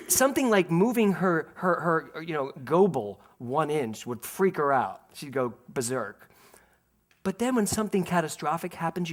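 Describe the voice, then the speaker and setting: A middle-aged man from delivers a sermon. He tells his anecdotes with lively energy and leans on quieter, slower phrasing when he turns to spiritual teaching. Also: on the high side. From Philadelphia, USA. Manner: animated storyteller, laughs through anecdotes, slows to calm spiritual emphasis. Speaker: minister. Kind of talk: sermon with personal storytelling.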